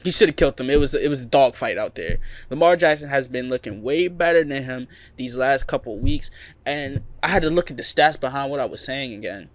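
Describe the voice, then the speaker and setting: A man's voice: mid-range voice, lively intonation, brisk, no echo. A man co-hosting a casual sports podcast, making his case with emphatic repetition. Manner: emphatic, repeats points for emphasis. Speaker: podcast co-host.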